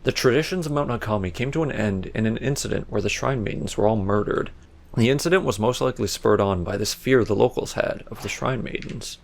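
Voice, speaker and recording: Male let's-play host, deep-ish gravelly voice, dry jokes at the game, light background hiss. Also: fairly quick. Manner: sarcastic, jokey, talks back to the game. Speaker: gaming video host.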